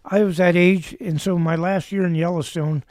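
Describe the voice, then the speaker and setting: A man in his seventies with a high, mellow voice tells rambling stories with a dry sense of humor. He sounds close to the mic in a dry, dead room. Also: steady tone, normal speed, dry recording. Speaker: guest, former backcountry ranger. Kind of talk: casual storytelling.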